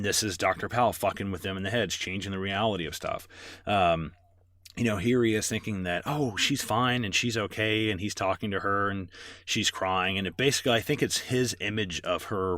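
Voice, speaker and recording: Low-voiced man rambling through a movie recap. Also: a bit bright, dry recording. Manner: rambling, filler-heavy, profane. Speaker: podcast co-host. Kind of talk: casual movie recap chat.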